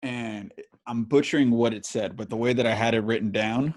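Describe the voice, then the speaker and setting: A man's voice: medium pitch, normal speed. A man in his thirties hosting a podcast, telling a story in casual chat full of swearing and fillers. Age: 30s. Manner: animated, swears a lot, many fillers. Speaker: podcast host.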